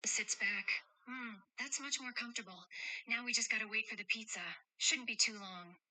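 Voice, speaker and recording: A woman voicing a caring adult who protects two children, speaking gently and teasingly and reading the stage directions aloud in a chat role-play. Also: fairly high pitch, normal speed, no echo, low-quality recording. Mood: tender, playful.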